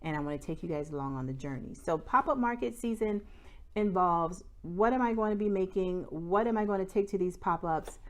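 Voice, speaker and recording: Her voice sits on the low side and moves a little fast as this young vlogger and small business owner chats openly to camera about her business. "Like" and "y'all" come up again and again.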